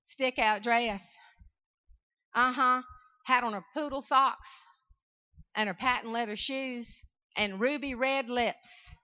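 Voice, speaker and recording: Bright, high Southern woman storyteller. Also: unhurried, dull audio. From South Carolina, US. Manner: animated storytelling, calls out to the audience. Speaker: motivational speaker. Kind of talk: motivational speech to students.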